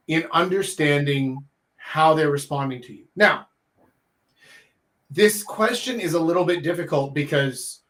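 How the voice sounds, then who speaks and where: Guy hosting a dating advice show, acts out what girls say, pretty lively. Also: a little high. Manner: animated, acts out quoted reactions, emphatic. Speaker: podcast host and dating coach. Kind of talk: casual advice talk.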